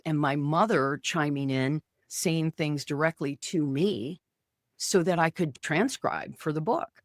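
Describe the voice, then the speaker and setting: A woman's voice: low-pitched, no room sound, clean studio sound. A woman in her fifties, an author and radio personality, telling a story as a guest in a casual interview. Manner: animated, vivid storyteller.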